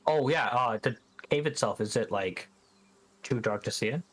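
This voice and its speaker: A man chatting casually as a player in a tabletop game, with quick asides. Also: medium pitch, a bit bright, dry recording.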